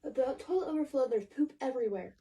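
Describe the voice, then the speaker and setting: Tattling little kid, hushed and teary, put on by a young woman. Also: high-pitched, expressive, quick pace, background noise, pitched below the performer's own voice. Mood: whimpering. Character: small child tattling on a brother.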